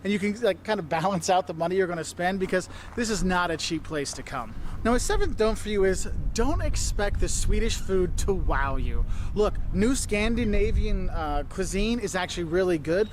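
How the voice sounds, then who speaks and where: A man's voice: high-pitched, expressive, normal speed, hardly any pauses, noisy background. A man giving travel tips to camera outdoors in a city, talking in a chatty, direct way with laughs and asides. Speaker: travel vlogger.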